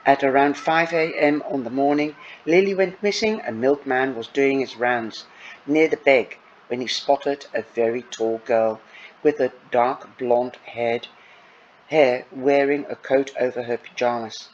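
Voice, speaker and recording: Slow-reading man narrating an audiobook. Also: medium pitch, fairly even intonation, lo-fi sound. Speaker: audiobook reader. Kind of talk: first-person audiobook narration.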